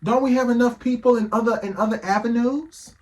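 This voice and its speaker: A man's voice: very high voice, fairly even intonation, fairly quick, darkish tone. A man giving heated reaction commentary, firing off rhetorical questions and swearing freely.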